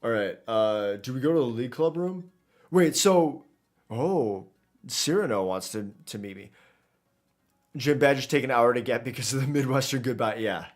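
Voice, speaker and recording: A man's voice: medium pitch, expressive, moderate pace, faint music behind. A man streaming a video game, chatting casually in a rambling, jokey way and often tripping over his words. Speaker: gaming streamer. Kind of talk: casual let's-play commentary.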